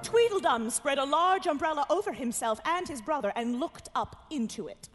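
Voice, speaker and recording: A woman reading a storybook aloud, expressive and animated, over music in a long reverb. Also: high-pitched, moderate pace. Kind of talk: storybook narration.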